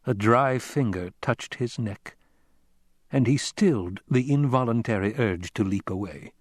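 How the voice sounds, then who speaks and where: A man narrating an audiobook in a measured, unhurried way. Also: mid-range voice, dry recording, clean studio sound. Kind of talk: scripted narration.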